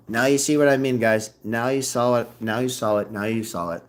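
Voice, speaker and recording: A man hosting a casual video, rambling and repeating himself as he shows props and comments excitedly to his viewers. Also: medium pitch, fairly quick. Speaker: video host.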